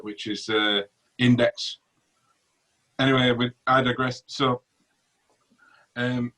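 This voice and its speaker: A man with a Yorkshire accent, chatting as a guest on a video call, rambling and hesitant with many pauses and digressions. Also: mid-range voice, fairly bright tone, poor audio. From Yorkshire, England. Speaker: magician guest.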